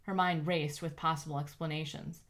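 Woman audiobook narrator, low-middle pitch, even and measured delivery.

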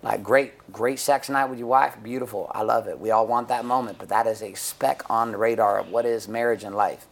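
Give me a gravelly, blunt middle-aged man telling stories in an interview. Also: lowish voice, steady tone, brisk, few pauses. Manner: blunt, profane, storytelling with acted quotes. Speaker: guest, men's coach and author. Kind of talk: candid conversational interview.

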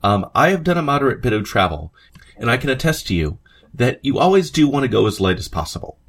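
A man's voice: mid-range voice, big pitch swings, quick pace, fairly bright tone. A man hosting a podcast, narrating a history episode in a conversational way, with asides and fillers. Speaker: podcast host. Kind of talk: scripted history narration with read quotes.

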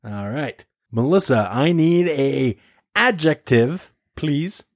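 A man hosting a casual group podcast, upbeat and animated as he runs a word game with friends. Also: fairly high pitch, slow, no room sound, studio quality. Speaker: podcast host.

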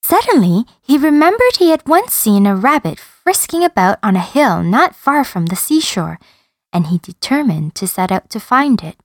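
A woman reading a children's story aloud in an expressive, sing-song storyteller manner. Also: fairly high pitch, moderate pace, no echo.

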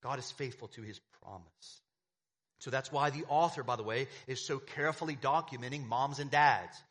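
A man's voice: medium pitch, normal speed, fairly bright tone. A man preaching a sermon as pastor, emphatic, with repeated phrases and rhetorical questions to the congregation.

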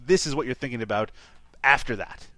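A man co-hosting a casual podcast movie review, animated and laughing often as he explains details. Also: mid-range voice, a little fast, dry recording. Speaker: podcast co-host.

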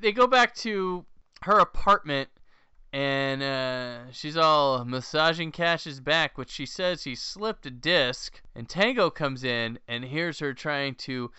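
A man hosting a podcast, recapping a movie plot in a casual, animated way with laughing asides. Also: fairly high pitch, slow pace, clean tone, dry recording, lo-fi sound. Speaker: podcast host.

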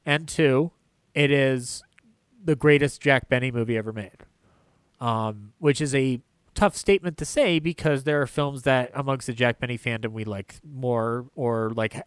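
A man's voice: mid-range voice, no echo, clean studio sound. A man hosting a casual film discussion, enthusiastic and rambling, laughing often. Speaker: podcast host.

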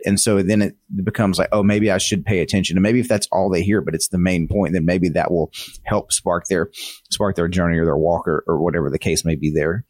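A man's voice: low voice, darkish tone, no echo, clean studio sound. A man who works in student ministry, talking earnestly and thoughtfully on a podcast. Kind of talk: casual podcast conversation.

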